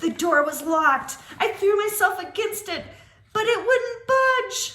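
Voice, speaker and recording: A woman reading a spooky children's book aloud with dramatic delivery, pausing to speak to her young listeners. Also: very high voice, lively intonation, sharp tone. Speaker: storyteller. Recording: roomy echo.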